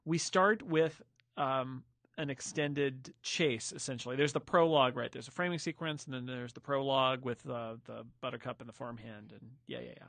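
A man's voice: mid-range voice, fairly even intonation, moderate pace, gravelly, fairly bright tone, no room sound. A man hosting a podcast discussion, rambling casually with restarts and fillers. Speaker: podcast host. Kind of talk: casual chat.

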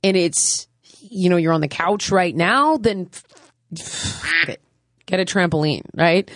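A woman fitness trainer answering listener questions in casual podcast chat, blunt and energetic. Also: fairly low pitch, no room sound, studio quality. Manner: blunt and energetic, explains with quick examples.

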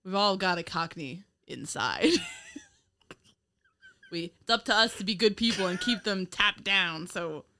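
Woman, podcast co-host, bright voice, giggly, rambling, casual chat. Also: medium pitch, lively intonation, a little slow. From United States. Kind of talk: casual chat about an old TV show.

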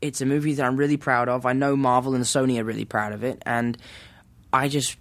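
A young man with an English accent, an actor chatting as a guest in a casual interview, animated and quick to laugh. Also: mid-range voice. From England. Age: young adult.

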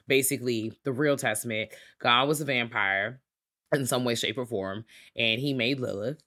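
A bright-toned podcast co-host in loose, casual chat. They retell scenes with animated, loud acted-out quotes and curse freely along the way. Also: mid-range voice, moderate pace. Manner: animated storyteller, acts out quotes loudly, swears freely.

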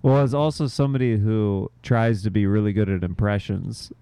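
A man appearing as a guest on a studio comedy podcast, laid-back and quick to laugh as he trades bits. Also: lowish voice, fairly even intonation, dark tone, clear, resonant tone, no room sound. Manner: laid-back, laughs easily, does impressions. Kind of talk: casual comedic chat.

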